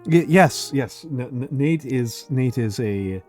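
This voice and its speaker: A man's voice: medium pitch, lively intonation, slow, warm tone, soft background music. A man hosting a casual group chat on a stream, explaining things in a rambling, lecture-like way with jokey asides. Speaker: streamer and host.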